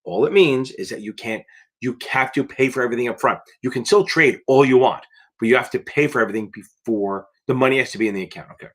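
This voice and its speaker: A man's voice: medium pitch, expressive, quick pace. Blunt, emphatic man tutoring live. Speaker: exam prep tutor. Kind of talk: live Q&A stream.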